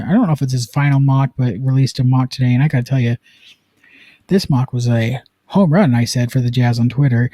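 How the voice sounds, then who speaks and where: A man from Utah hosting a casual sports live stream, chatty and excitable, with lots of fillers. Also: mid-range voice, no room sound. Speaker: sports podcast host.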